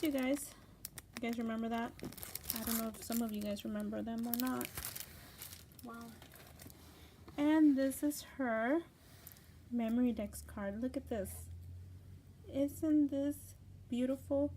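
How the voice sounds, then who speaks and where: A woman's voice: a little high, unhurried, pauses often. Gushing craft vlogger woman, noisy room. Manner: gushing, excited, gasping exclamations. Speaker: craft channel host. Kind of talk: casual unboxing chat. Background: paper crinkling.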